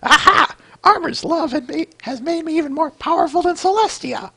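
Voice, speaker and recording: Sex of performer: man. Figure: a man putting on a villainous insect queen. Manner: shrill, gloating, theatrical falsetto. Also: expressive, moderate pace, gravelly, sharp tone, exaggerated voice.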